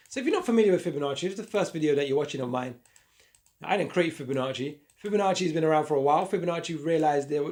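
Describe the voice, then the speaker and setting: A man teaching a chart lesson with a croaky voice, upbeat and repetitive as he talks through his drawing on the screen. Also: fairly high pitch, a little mellow. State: croaky voice, frog in throat. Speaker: trading educator.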